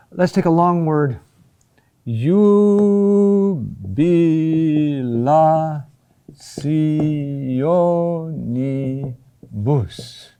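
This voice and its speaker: A middle-aged man teaching a class on chant, speaking deliberately with many pauses and fillers. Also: fairly high pitch, mellow. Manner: slow and deliberate, with frequent "uh" pauses. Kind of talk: classroom lecture.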